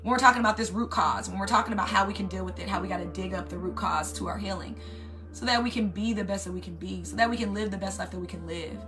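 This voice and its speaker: A woman in her thirties, a life coach giving an animated motivational talk who keeps asking her listeners "right?". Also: mid-range voice, quick pace, over music.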